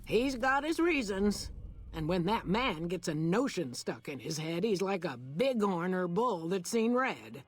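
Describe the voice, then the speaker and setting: A patient, resigned rancher's wife, measured and plain. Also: female voice, lowish voice, animated, slight background noise. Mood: weary. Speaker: game character.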